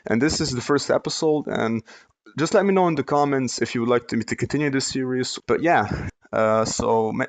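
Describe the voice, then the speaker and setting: A man's voice: medium pitch, brisk. A young man, telling a story in a casual, rambling way with many fillers and restarts. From Slovenia. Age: late teens. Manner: rambling, lots of fillers and self-corrections, laughs while telling. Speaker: vlogger, storyteller.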